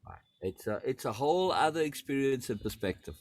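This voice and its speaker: A man from outside the United States talking in a relaxed conversation, repeating words and laughing often as he tells a travel story. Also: mid-range voice, fairly quick. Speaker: podcast host. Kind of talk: casual conversation.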